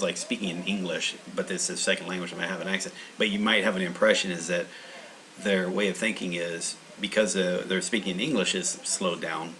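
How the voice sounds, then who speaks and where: Man, very low voice, bright tone, casual rambling talk, faint hiss behind. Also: rough recording. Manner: meandering, full of fillers and restarts. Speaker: language-learning channel host.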